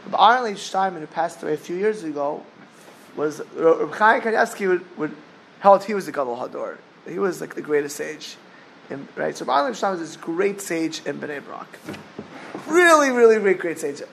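A man teaching a Torah class, telling a story in a halting way with many repeated words. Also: high-pitched, animated, creaky, fairly bright tone, a little hiss or hum, rough recording.

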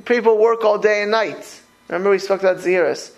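Man, rabbi giving a casual Torah class, high voice, gravelly edge, conversational, repeats himself. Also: fairly quick, rough recording. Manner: animated, conversational, repeats words while restarting; talks straight to the listeners with rhetorical questions. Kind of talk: informal Torah lecture.

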